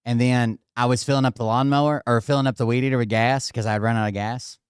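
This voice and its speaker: A man telling a story casually, animated and swearing often. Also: mid-range voice, quick pace, smooth, dry recording, studio quality. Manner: animated and heavily profane, with laughter. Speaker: vlogger telling a home story.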